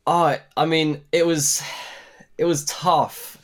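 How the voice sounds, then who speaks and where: A young male actor, a guest in a casual interview, chats with a flat, slow, somewhat high-pitched voice. He rambles, filling his speech with fillers and restarts.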